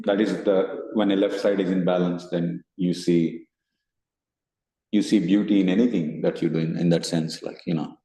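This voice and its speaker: A man's voice: deep voice, fairly even intonation, moderate pace, creaky, mellow, roomy sound, poor audio. A man with an Indian accent, co-hosting a meditation podcast, explaining ideas in a rambling, casual way. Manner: rambling, explanatory, often restarts, acts out inner voices. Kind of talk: casual spiritual discussion. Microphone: online meeting recording.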